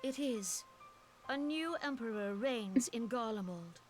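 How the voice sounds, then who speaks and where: An actress playing a composed woman briefing a council in a game cutscene, with a measured, formal delivery. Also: on the high side, lively intonation, soft background music. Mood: grave. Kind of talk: voiced game cutscene dialogue.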